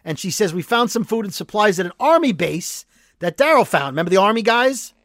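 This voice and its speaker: A high-voiced man, a podcast co-host, retells a scene from a show in a casual recap chat at a fairly quick pace. He's an animated storyteller who acts out the quotes, and the studio sound is clean with no room sound.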